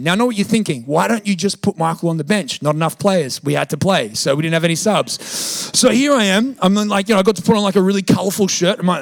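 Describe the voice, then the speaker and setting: Man, pastor, sermon, animated storytelling, high voice, gravelly, dry close sound. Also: fast, hardly any pauses, no room sound. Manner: animated, acts out quoted voices, jokey.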